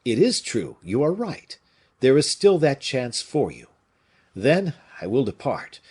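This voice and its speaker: A man voicing an earnest, agitated young army officer, pitched higher than his own voice. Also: big pitch swings, unhurried, darkish tone, husky, full character voice.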